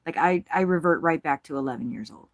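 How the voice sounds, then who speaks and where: A woman's voice: low voice, animated, fast talker, dry recording. Chatty giggly woman with a dry sound. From United States. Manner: chatty, giggly, swears freely. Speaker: bird-watching vlogger. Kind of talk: casual running commentary. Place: RV at a campground.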